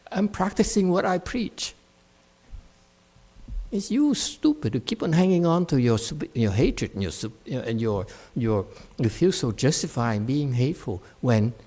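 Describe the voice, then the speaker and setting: A man teaching meditation, blunt and scolding, who mocks his students' excuses and swings between loud outbursts and quiet muttering. English is not his first language. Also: mid-range voice, animated, a little slow, pauses often. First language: Chinese. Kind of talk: dharma talk answering students.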